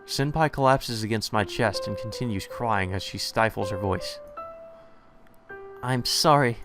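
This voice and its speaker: A man's voice: fairly low pitch, normal speed. A man reading a visual novel aloud, with small stumbles and restarts. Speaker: let's play narrator. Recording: music playing behind.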